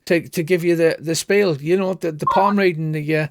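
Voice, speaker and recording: A man's voice: fairly high pitch, fairly even intonation, normal speed, creaky, no room sound, voice pushed up. Man doing a jittery fortune-teller woman, raised voice, stammering, dry close sound. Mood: flustered. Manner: stammering, repeats words.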